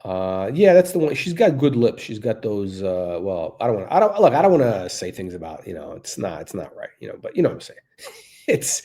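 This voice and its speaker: A man's voice: lowish voice, big pitch swings, brisk, few pauses, warm tone. A male watch channel host giving blunt, crude, rambling off-the-cuff commentary.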